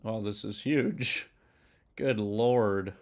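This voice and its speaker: A man's voice: lowish voice, very slow. A man streaming live while he codes, thinking aloud and chatting casually with viewers. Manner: thinks aloud, mutters code to himself.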